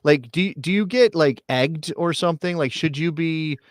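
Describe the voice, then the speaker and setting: A man's voice: a little high, normal speed, dry recording, studio quality. A man hosting a live sports talk show, chatty and joking, with many fillers and restarts. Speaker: podcast host.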